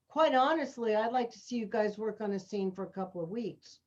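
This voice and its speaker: A woman's voice: fairly high pitch, lively intonation, measured pace, lo-fi sound. A woman acting teacher giving encouraging notes to her students over a video call. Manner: encouraging, instructive. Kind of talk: casual class feedback.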